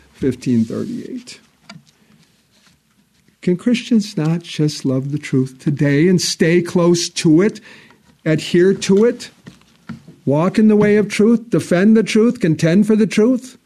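A man preaching a sermon in a church, earnest, his voice swelling on key phrases and dropping low and slow for solemn parts. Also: dark tone. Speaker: pastor.

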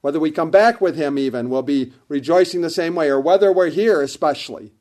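A man's voice: fairly high pitch, a little fast, darkish tone. A man preaching a sermon with an emphatic, repetitive cadence, quoting scripture at length.

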